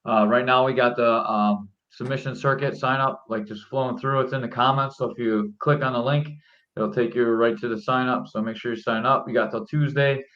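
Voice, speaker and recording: A man hosting a podcast, wrapping up in a relaxed, upbeat way. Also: mid-range voice, a little fast. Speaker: podcast host. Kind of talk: casual podcast sign-off. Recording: dull lo-fi audio.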